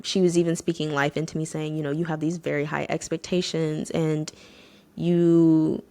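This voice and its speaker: A young woman in her twenties shares a personal story in a low, relaxed register. She talks candidly and conversationally, often circling back with "like" and "you know". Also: creaky. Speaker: vlogger.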